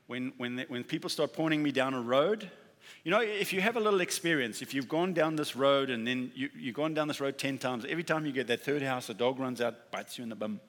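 A male pastor delivering a sermon in a large, echoing hall, where the long reverb trails after each phrase. His pitch sits in the middle range. He talks conversationally and drives his points home by repeating key words and acting out short exchanges. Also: a little fast, fairly bright tone. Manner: conversational preaching with acted-out dialogue and emphatic repetition.

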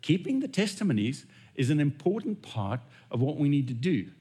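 A man's voice: a little high, sing-song, normal speed, mellow, breathy edge. A man preaching a sermon as lead pastor, telling stories and acting out little dialogues. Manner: storytelling, acts out dialogue with God.

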